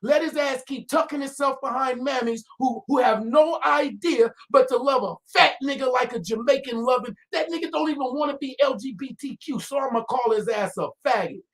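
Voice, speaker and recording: A man giving angry, profane commentary, often shouting, with calmer reflective stretches. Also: extremely high pitch, brisk, few pauses. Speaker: online commentator.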